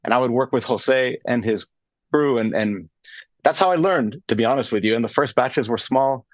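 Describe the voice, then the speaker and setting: A man's voice: medium pitch, normal speed, no echo, muffled recording. A man in his thirties, a guest on a radio interview, telling his story in a rambling way with many restarts and fillers. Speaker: guest, charcuterie maker. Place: radio studio.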